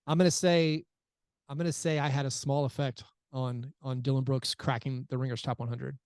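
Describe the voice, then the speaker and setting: A man's voice: medium pitch, little pitch movement, moderate pace, a little mellow, clear, resonant tone, no room sound. A man co-hosting a sports podcast in casual chat, talking loosely and restarting his sentences. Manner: chatty, restarts mid-sentence. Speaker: podcast co-host.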